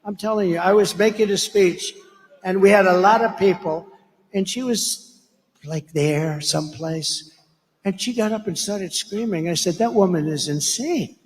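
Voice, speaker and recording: Speaking a little slowly in a voice that sits high, a man playing the part of a political candidate rambles bluntly at a rally, peppering his speech with asides and name-calling. The recording carries the reverb of an echoey rally hall in a large venue.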